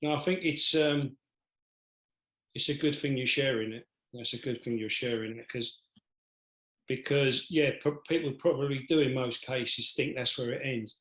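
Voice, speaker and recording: In a roomy-echo recording, a male interview podcast host talks at medium pitch and moderate pace with a fairly bright tone. Sympathetic, he repeats himself and trails off while reacting to the conversation.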